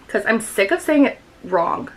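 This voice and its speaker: A woman in her twenties chatting excitedly to camera about books she loves, with lots of fillers. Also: a little high, poor audio. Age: 20s. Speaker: book vlogger. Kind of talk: casual chat to camera.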